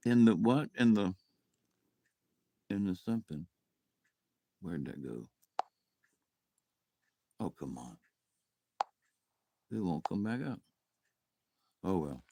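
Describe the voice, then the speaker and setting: A man muses in an unhurried, drawn-out way, as if thinking aloud to his viewers. He keeps losing track of what he meant to say, laughs to himself, and drops casual curses. The voice sits close and dry, with no room sound around it. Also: mid-range voice, lively intonation, a bit bright, dry recording. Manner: loses his train of thought, chuckles, swears offhandedly. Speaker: vlogger. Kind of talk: rambling casual monologue.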